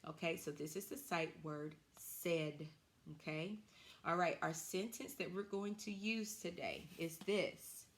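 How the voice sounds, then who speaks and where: A woman teacher giving an online reading lesson to young children, encouraging and slow, drawing out her words clearly. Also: lowish voice.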